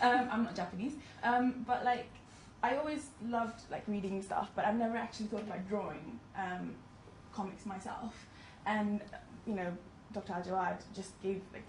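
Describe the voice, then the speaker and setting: A woman's voice: mid-range voice, normal speed, hardly any pauses. A woman in her twenties, a medical student, giving a chatty, self-deprecating talk to an audience and laughing often. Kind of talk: presentation to an audience. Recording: echoey room, distant mic, faint noise.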